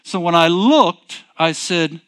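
A man's voice: a little high, expressive, takes it slowly, fairly bright tone, clean tone. A male pastor telling a personal story in a sermon, conversational and rambling, often restarting with "so anyways". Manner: conversational, repeats himself, frequent "so anyways" restarts.

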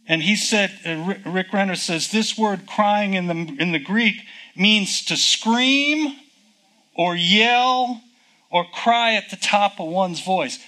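A man's voice: sits high, unhurried, bright, forceful tone, rough recording. A man preaching a sermon, teaching from the Bible in a conversational way, reading verses aloud and asking rhetorical questions.

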